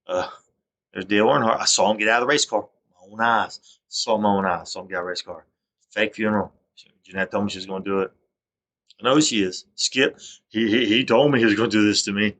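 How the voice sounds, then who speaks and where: A man's voice: on the low side, fairly even intonation, quick pace, fairly bright tone. A man in a rambling, self-recorded monologue, stammering and restarting as he airs grievances. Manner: aggrieved, accusatory. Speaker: vlogger.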